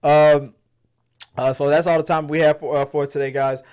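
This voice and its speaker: A man hosting a casual movie podcast, talking in a rambling, profane and animated way. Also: fairly high pitch, normal speed, smooth. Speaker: podcast host. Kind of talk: casual chat.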